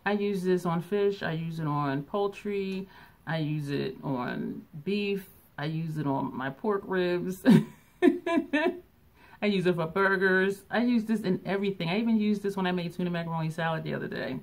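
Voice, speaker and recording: A woman's voice: on the low side, moderate pace. A middle-aged woman chatting casually through a shopping haul vlog, laughing often and thinking aloud. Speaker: beauty vlogger.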